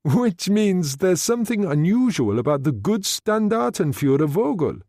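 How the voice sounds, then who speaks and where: A man's voice: high voice, very animated, moderate pace, darkish tone, no echo, clean studio sound, voice pushed up, full character voice. A man voicing a bold, charming Italian man in the water, jaunty and teasing in manner.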